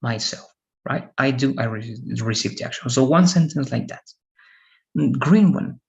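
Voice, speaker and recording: A man teaching an English grammar lesson to students, explaining step by step and checking in with "right?" and "all right". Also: mid-range voice. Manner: repeats and restates points slowly.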